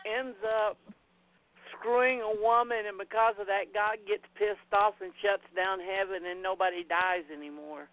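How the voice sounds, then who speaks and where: Guy hosting a podcast, high voice, crude rambling plot recaps, sounds like a phone line. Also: steady tone, moderate pace. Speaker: podcast host. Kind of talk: casual chat.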